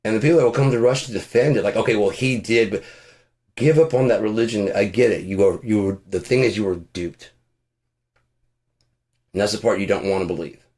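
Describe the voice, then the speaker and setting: A man's voice: on the low side, brisk, long pauses, darkish tone. A man giving a casual, profane, rambling rant with a sarcastic edge, as host of his own show. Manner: swears constantly, rambling, sarcastic. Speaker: podcast host.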